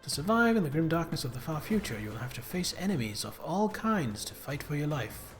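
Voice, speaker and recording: A man's voice: fairly high pitch, big pitch swings, fairly quick, soft background music. A man streaming a video game live, chatting with viewers and reading on-screen text aloud.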